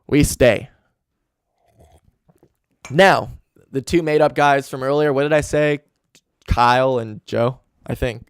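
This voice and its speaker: A young man spins a rambling, profane story in casual podcast talk, leaning on "like" and restarting his sentences. His voice is smooth and clear at a middling pitch. He is recorded close on a dry mic with no room sound. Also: no room sound. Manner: rambling, animated, profane, with filler "like". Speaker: podcast host. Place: home room.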